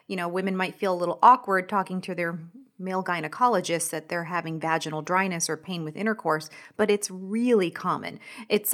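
A woman's voice: on the low side, fairly bright tone. A woman co-hosting a health podcast, explaining in a conversational way with frequent fillers. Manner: conversational, frequent "you know". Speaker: podcast co-host, doctor. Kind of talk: casual health podcast talk.

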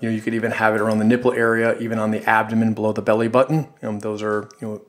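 A man co-hosting a health podcast, speaking in a halting way with many fillers as he agrees and adds points. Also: fairly low pitch, flat delivery. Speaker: podcast co-host, health practitioner. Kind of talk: casual health podcast discussion.

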